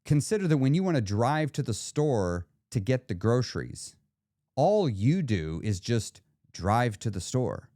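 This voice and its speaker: Lively, expressive man hosting a podcast. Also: mid-range voice, a little slow, no room sound, studio quality. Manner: explanatory, conversational, talks to the listener directly. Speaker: podcast host and weight-loss coach. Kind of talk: solo podcast monologue.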